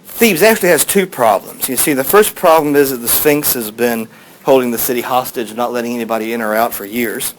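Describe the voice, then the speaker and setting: A man's voice: mid-range voice, a little fast, low-quality recording. Casual male teacher telling a story. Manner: rambling, with fillers, playing voices in quotes.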